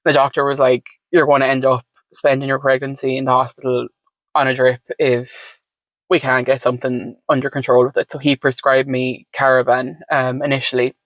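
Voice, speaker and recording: A woman's voice: very deep voice, flat delivery, normal speed, no room sound. A woman talking candidly as an interview guest, frank and chatty with lots of fillers and the odd swear word. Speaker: podcast guest.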